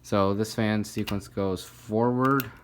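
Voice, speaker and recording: A man's voice: lowish voice, fairly even intonation, slow, a little hiss or hum. A man casually narrating a hobby video about a ceiling fan, rambling with lots of fillers and self-deprecating asides. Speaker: ceiling fan collector showing a fan.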